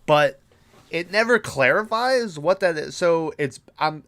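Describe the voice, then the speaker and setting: A man's voice: on the high side, lively intonation, unhurried, fairly bright tone. A man hosting a podcast, recapping a horror movie in a casual, rambling way with lots of swearing and fillers. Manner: rambling, profane, many fillers. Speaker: podcast host.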